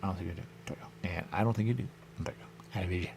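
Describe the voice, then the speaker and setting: A man's voice: low-pitched, rapid-fire, vocal fry, darkish tone, a little hiss or hum. A man hosting a radio show, musing in a loose, repetitive monologue and returning again and again to the same stock phrases. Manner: loose, repetitive, musing, keeps saying "there you go". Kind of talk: rambling monologue.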